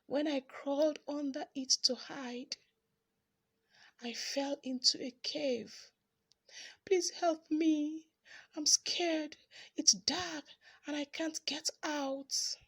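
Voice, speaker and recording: A woman voicing a frightened little girl stuck in a dark cave, speaking in a shaky, tearful way. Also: high voice, steady tone, slow, creaky, pauses often, pitched above the performer's own voice, exaggerated voice. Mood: scared.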